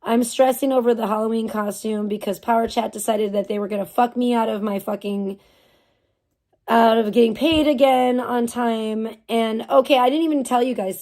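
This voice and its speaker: A woman with a fairly high voice rants casually to her livestream chat. She swears constantly and sounds fed up. Between complaints she thanks her viewers directly. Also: dark tone. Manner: profane, heated ranting with frequent swearing; talks straight to viewers and thanks donors.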